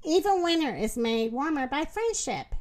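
A woman voicing a thoughtful, bossy female cow in a children's storybook, read gently. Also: sits high, sing-song, normal speed. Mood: wistful.

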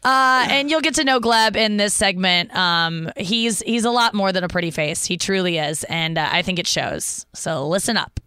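Bright, clear-voiced woman podcast host. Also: medium pitch, moderate pace, hardly any pauses. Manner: rambling, self-deprecating, restarts often. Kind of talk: casual comedic podcast chat.

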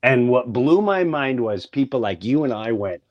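A man's voice: mid-range voice, expressive, normal speed, darkish tone, highs cut off. A man co-hosting a casual talk show, speaking animatedly and mimicking other people's voices. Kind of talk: casual conspiracy chat.

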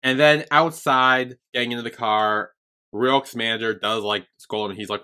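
Here a young man, co-hosting a podcast, talks at a moderate pace in a mid-range voice: fairly even intonation, pushed and bright, clear and resonant. His recap of a TV episode is casual and rambling, full of free swearing and acted-out character lines.

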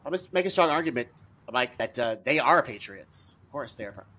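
A man's voice: mid-range voice, lively intonation, brisk, bright, forceful tone. A man appearing as a guest on a political podcast, talking in a teasing, argumentative way. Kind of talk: casual political podcast chat.

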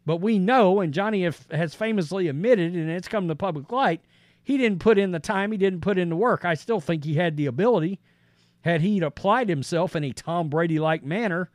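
High-voiced blunt male sports host. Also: brisk, no echo. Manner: blunt and conversational, reads quotes then reacts. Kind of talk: opinionated sports commentary.

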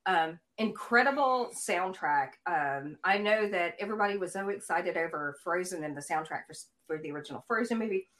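A woman's voice: lowish voice, lively intonation, a little fast, hardly any pauses, fairly bright tone. A woman co-hosting a podcast, chatting casually and gushing enthusiastically about what she loves. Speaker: podcast co-host. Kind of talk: casual chat.

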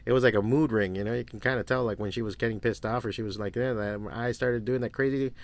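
A man's voice: mid-range voice, steady tone, quick pace, dry recording. Crude rambling man in his forties. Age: 40s. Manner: crude, rambling storyteller, swears freely. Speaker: podcast host. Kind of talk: casual solo podcast monologue.

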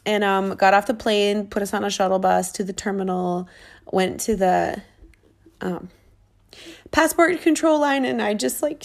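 Casual female vlogger with a gravelly voice, chatty and eager, talking from a rented flat. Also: mid-range voice, measured pace. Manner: chatty and excitable, lots of fillers. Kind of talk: casual travel chat. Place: rented apartment in a big city.

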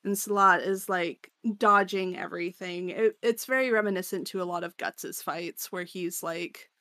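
A woman's voice: fairly low pitch, steady tone, moderate pace, bright, forceful tone, no room sound. Giggly woman recapping with lots of fillers. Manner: laughing often, rambling with many fillers. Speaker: podcast co-host. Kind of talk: casual chat recapping a manga.

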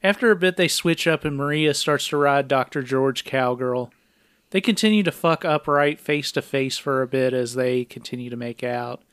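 A man co-hosting a casual podcast, recounting film scenes in a flat, matter-of-fact play-by-play. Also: medium pitch, moderate pace, smooth, dry recording, clean studio sound. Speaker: podcast co-host.

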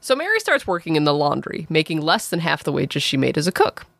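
A woman's voice: low-pitched, wildly swooping pitch, a little fast, vocal fry, a bit bright, dry recording. A woman co-hosting a comedic chat, telling the story in a wry, sarcastic way. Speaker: podcast co-host.

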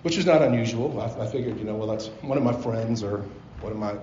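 A man's voice: medium pitch, quick pace, mellow, a little hiss or hum. A man, a pastor, delivering a sermon as earnest personal storytelling in a church. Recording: roomy, slightly dull live sermon recording.

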